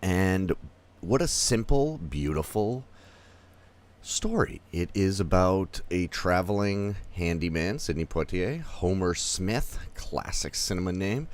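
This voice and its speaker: A man's voice: sits low, slow. A man hosting a casual film review show, talking in a rambling, chatty way with many fillers. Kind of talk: casual spoken movie review.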